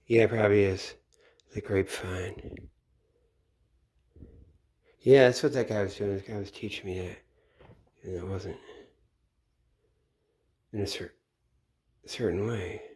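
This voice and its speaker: A middle-aged man giving a rambling late-night monologue, swearing often and trailing off into low mutters. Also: steady tone, a little slow, pauses often, darkish tone, husky. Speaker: channel host. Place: home at night.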